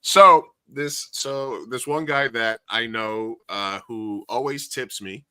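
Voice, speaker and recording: A man co-hosting a casual podcast, telling an animated story and acting out the voices of the people in it. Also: medium pitch, takes it slowly, smooth, dry recording. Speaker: podcast co-host and karaoke host.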